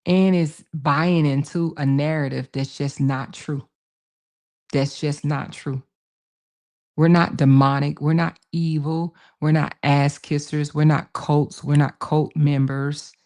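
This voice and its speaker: Speaking slowly in a low, steady, slightly mellow voice, this woman runs a relaxed livestream where she reads and responds to comments. She's emphatic, repeating phrases to drive points home and addressing viewers as baby and honey.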